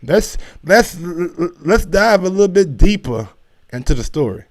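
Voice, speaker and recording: A man's voice: sits high, sing-song, measured pace. A man hosting a casual sports commentary show, talking in a laid-back, slangy way with lots of fillers and restarts.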